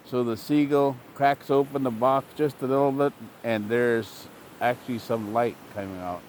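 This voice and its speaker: A man, a language teacher, telling a traditional story in a relaxed, repetitive oral style. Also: mid-range voice, moderate pace, hardly any pauses, a little hiss or hum. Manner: relaxed, repetitive, plain-spoken.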